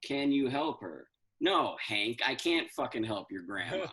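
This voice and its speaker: A man's voice: mid-range voice, expressive, measured pace, sharp tone. A man playing Superman as a cranky, profane stand-up comic ranting about quarantine. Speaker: stand-up comedian in costume. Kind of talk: in-character stand-up.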